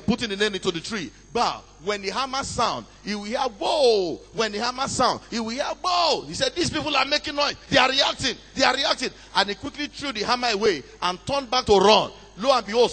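Preacher man, bright high voice, dramatic storytelling sermon, calls to the crowd, big hall echo. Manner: dramatic, call-and-response with congregation. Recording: long reverb of a large hall.

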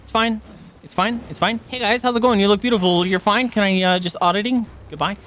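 A woman's voice: medium pitch, brisk, fairly bright tone, slight background noise. A woman live-streaming a video game, swearing, yelping and chattering to herself and her chat as enemies attack. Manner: swears, yelps and shrieks at enemies, talks to chat. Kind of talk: live gameplay commentary.

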